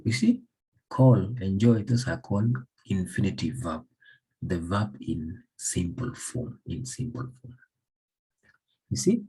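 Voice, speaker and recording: A man's voice: on the low side, unhurried, long pauses, mellow, breathy edge, low-quality recording. A man from Somalia, teaching an English grammar lesson by repeating example sentences and asking the class questions.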